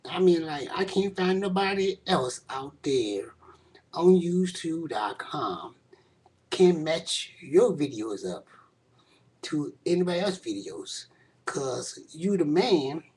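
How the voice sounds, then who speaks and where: A man's voice: on the high side, darkish tone. A man recording a casual video reply to another creator on a webcam microphone. He heaps praise on the other person over and over, and ends many phrases with "man.". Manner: effusive, repetitive praise, often ending phrases with "man". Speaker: video blogger.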